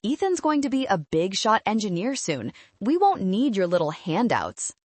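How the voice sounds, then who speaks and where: A woman's voice: medium pitch, big pitch swings, normal speed, a little mellow, no room sound. A woman voicing a scornful young bride-to-be who talks down to people in a sneering, condescending way.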